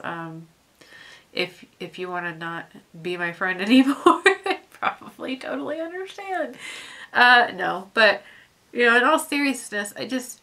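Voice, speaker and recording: A young woman in a personal vlog, heartfelt and halting, near tears as she talks. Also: a little high, animated, bright, forceful tone. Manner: halting, heartfelt, many restarts and fillers. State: teary, fighting back tears. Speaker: vlogger.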